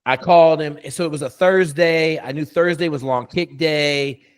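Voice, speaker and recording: A man's voice: on the high side, moderate pace, clean tone. Blunt, profane male coach. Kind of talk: casual interview storytelling.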